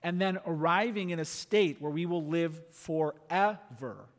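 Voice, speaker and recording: A man preaching a sermon in an earnest, emphatic way, often dropping to a quiet, intense tone. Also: fairly high pitch, a little slow, long reverb tail. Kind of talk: sermon teaching.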